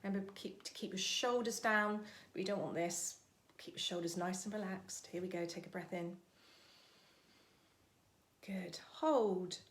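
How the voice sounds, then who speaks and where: A woman vocal coach leading an online singing lesson, giving breathing and warm-up instructions in a chatty, encouraging way. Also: fairly low pitch, fairly even intonation, moderate pace, long pauses. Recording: echoey room with faint music.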